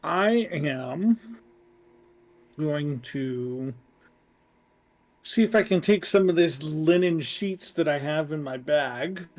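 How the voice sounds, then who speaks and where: Male player, higher voice, very slow deliberate delivery. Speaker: tabletop game player.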